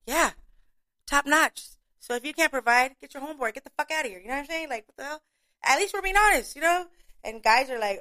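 A woman's voice: high-pitched, animated, a little fast, pushed and bright. A young woman hosting a casual show, talking bluntly with lots of swearing and frequent laughs. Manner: blunt, profane, laughing often. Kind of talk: casual chat.

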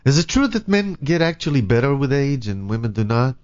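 Lively joking man host, lo-fi sound. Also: medium pitch, fairly quick. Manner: joking, self-mocking, laughs often. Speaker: radio show host. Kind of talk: casual on-air banter.

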